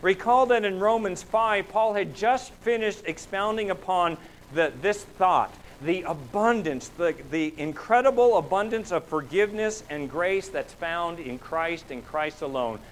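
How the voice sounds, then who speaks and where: A man's voice: high-pitched, a little slow, a little hiss or hum, poor audio. A man preaching a sermon in a church, asking rhetorical questions and pushing his voice up for emphasis. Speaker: pastor.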